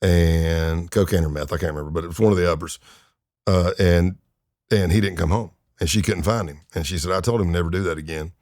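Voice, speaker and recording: The speaker is a man in his fifties with a low, slightly mellow voice, fairly even intonation and a slightly fast pace. As a retired undercover agent guesting on a podcast, he tells stories in a relaxed, wry manner, captured in a dry, studio-quality recording.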